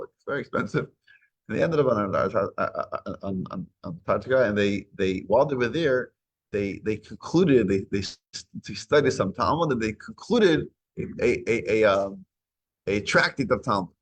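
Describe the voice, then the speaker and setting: Husky man telling a Torah story. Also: mid-range voice, animated, fairly quick. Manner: acts out dialogue in retold stories. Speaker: Torah class teacher.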